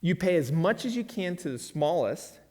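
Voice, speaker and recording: A man, a pastor, teaching a church finance lesson in a lively storytelling way and quizzing his audience. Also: sits high, normal speed. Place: church hall. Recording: long hall reverb.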